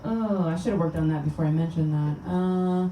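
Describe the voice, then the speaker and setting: A woman's voice: fairly low pitch, normal speed, warm tone, slight background noise. A woman comedian doing a stand-up set in a small venue, with a chatty, rambling delivery full of fillers. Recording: roomy sound from a distant mic.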